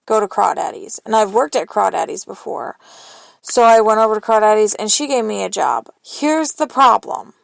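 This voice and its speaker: A woman's voice: medium pitch, lively intonation, moderate pace, creaky, dry recording. A young woman hosting a solo podcast, rambling candidly into her phone and swearing casually. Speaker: podcast host. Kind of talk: solo confessional monologue.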